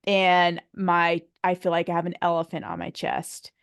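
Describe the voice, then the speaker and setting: A woman's voice: on the low side, moderate pace, smooth, no echo, clean studio sound. A woman in her forties, a podcast guest telling a personal story in a conversational way, acting out what others said and laughing often. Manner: animated storyteller, acts out quoted dialogue, laughs often.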